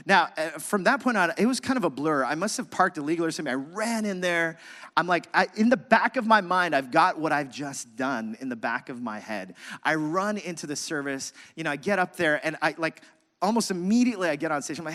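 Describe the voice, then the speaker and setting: A man, a pastor, preaching a sermon and telling a lively personal story, acting out his own outbursts and laughing at himself. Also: fairly high pitch, a little fast, in a large hall.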